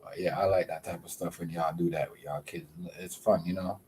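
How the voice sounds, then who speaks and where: A man hosting a casual livestream, rambling with many fillers and repeated words, giving shout-outs to viewers. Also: sits low, steady tone, fairly quick, a little hiss or hum. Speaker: livestream host.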